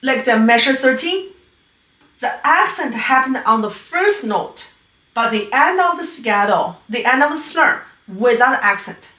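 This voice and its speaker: A woman's voice: on the high side, expressive, a little slow, pushed and bright, distant mic. A female piano teacher whose first language is Chinese, giving a patient, explanatory online lecture on playing technique. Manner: patient, explanatory, non-native phrasing. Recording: echoey room, voice a bit off-mic.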